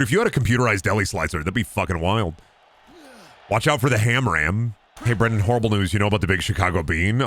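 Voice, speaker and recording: A man's voice: mid-range voice, fairly bright tone. A man in his thirties streaming games, chatting casually in a rambling, profane, jokey way and riffing on chat. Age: 30s. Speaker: game streamer.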